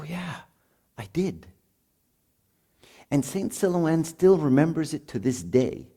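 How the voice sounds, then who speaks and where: A middle-aged man preaching at a marriage retreat in a conversational, animated way, acting out quotes from home life. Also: on the low side. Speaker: priest.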